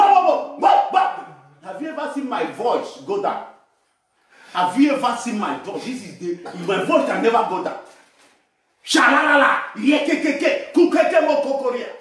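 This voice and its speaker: Animated Nigerian preacher in an echoey room. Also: male voice, sits high, far from the mic. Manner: animated, shouting and laughing at the congregation. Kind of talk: sermon.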